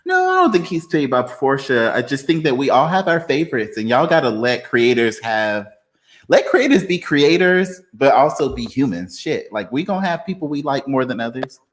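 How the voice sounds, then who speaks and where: A man hosting a casual livestream chat, reading viewer comments aloud, laid-back and quick to laugh, a little tipsy after a few beers. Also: medium pitch, big pitch swings. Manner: laid-back, laughs often, drawn-out fillers. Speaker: livestream host.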